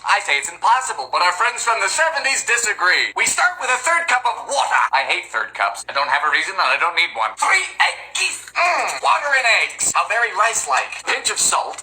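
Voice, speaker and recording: A man hosting a comedic baking video, reading out old recipes with dry, deadpan one-liners and sudden excited squeals. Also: sits high, poor audio. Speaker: home baking video host. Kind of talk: comedic recipe-testing vlog narration.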